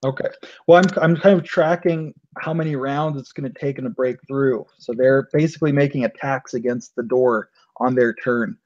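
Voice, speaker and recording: A man's voice: medium pitch, normal speed. Laid-back man running a tabletop game. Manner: relaxed, frequent fillers. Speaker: game master. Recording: dull lo-fi recording.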